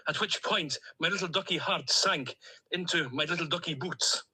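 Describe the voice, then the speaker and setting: A man's voice: on the high side, normal speed, pushed and bright, husky, exaggerated voice, poor audio. A man voicing a chatty plastic male duck with a Stornoway accent, who tells long, jolly, rambling stories in a comic voice-note monologue. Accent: Scottish, Stornoway.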